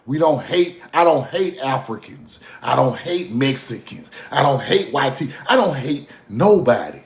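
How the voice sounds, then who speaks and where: A man with a mid-range voice gives a loose, preachy, casual monologue in a reverberant space. He swings between muttered asides and raised bursts, laughing often as he talks.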